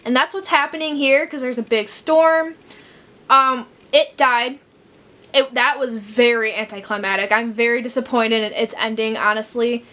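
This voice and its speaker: A woman's voice: a little high, fairly even intonation, normal speed, pushed and bright. A young woman from Chicago chatting casually in a book vlog, rambling and filling her talk with "like", teary at times. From Chicago, USA. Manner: rambling, frequent fillers like "like". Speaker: book vlogger.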